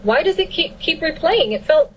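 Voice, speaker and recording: Woman guest, higher voice, emphatic storyteller, slight noise under the voice. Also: lively intonation, moderate pace, muffled recording. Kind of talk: casual storytelling.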